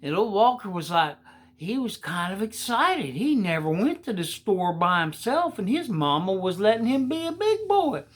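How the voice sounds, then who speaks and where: A woman's voice: medium pitch, sing-song, moderate pace. Folksy woman telling a children's story.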